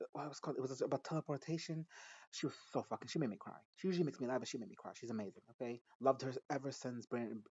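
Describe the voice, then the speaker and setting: A man's voice: mid-range voice, dull audio. A man giving a casual recap and reaction to a TV episode, chatty, gossipy and profane, laughing often. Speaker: show reviewer.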